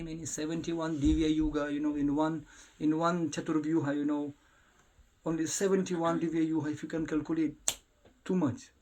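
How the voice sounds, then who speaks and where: Animated man giving a devotional talk. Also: fairly high pitch. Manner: animated storytelling, laughing. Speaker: spiritual teacher. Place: private house.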